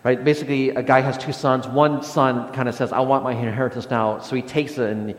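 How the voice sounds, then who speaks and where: A man's voice: medium pitch, little pitch movement, brisk. Hesitant male pastor in an echoey hall. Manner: hesitant, many restarts and fillers. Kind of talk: sermon. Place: church sanctuary.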